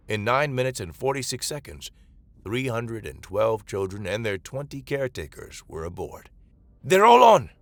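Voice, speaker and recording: A man narrating a dramatic science-fiction story in a measured reading voice. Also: lowish voice, fairly bright tone.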